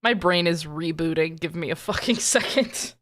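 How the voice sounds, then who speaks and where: A woman's voice: lowish voice, normal speed, a bit bright. A woman running a tabletop game stream, self-deprecating and swearing often as she chats with her players. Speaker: game master. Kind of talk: casual chat opening a tabletop game stream.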